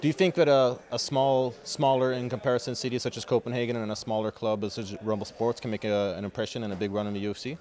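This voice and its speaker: A man's voice: mid-range voice, flat delivery, quick pace, few pauses, darkish tone. A man interviewing a fighter in a gym, asking long, rambling, chatty questions. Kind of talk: casual sports interview. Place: sports gym.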